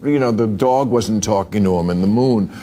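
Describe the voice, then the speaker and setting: A man's voice: on the low side, moderate pace, warm tone, slight background noise. A man in a podcast discussion, talking in a rambling way and searching for words.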